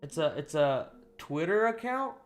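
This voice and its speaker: A man's voice: a little high, animated, a little slow, faint music behind. A man hosting a live stock trading stream with a slight lisp, talking casually and thinking aloud as he goes through levels, often correcting himself. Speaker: stock trading livestream host. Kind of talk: casual live market recap.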